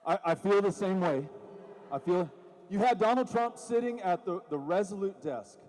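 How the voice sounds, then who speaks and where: A man with a fairly high voice delivers a political rally speech into a stage microphone. He mixes sarcasm with rising, impassioned emphasis. His voice trails into the long reverb of a large venue. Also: lively intonation, moderate pace, darkish tone. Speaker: rally speaker.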